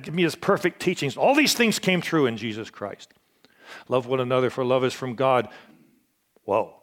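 A man preaching a sermon as a missionary, earnest and given to restarts, dropping to a hush and rising loud. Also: mid-range voice. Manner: earnest, swings from hushed to loud; restarts and repeats words.

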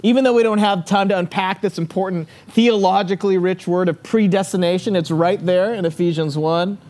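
A man preaching a sermon, earnest, slowing and dropping low on key words and acting out the people in his stories. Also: steady tone, a little mellow. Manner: storytelling with acted-out quotes. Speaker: pastor.

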